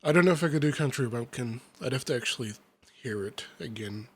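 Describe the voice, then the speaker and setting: A man's voice: mid-range voice, animated, brisk, breathy edge. A man in his thirties reading a picture book aloud, breaking off into rambling, sweary, self-deprecating asides. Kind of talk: casual reading aloud with commentary.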